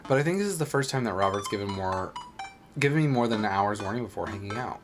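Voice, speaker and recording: A man's voice: on the low side, lively intonation, fast talker, music in the background. A man streaming a game live, chatting and joking with his viewers. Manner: chatty, joking, talks straight to chat. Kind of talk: casual live-stream chat while playing.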